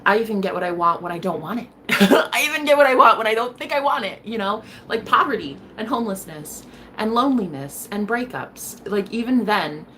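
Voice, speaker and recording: A woman's voice: medium pitch, animated, brisk, a little hiss or hum. Sassy, playful woman vlogging to camera. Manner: sassy, playful, swings between loud and hushed. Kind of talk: casual vlog monologue.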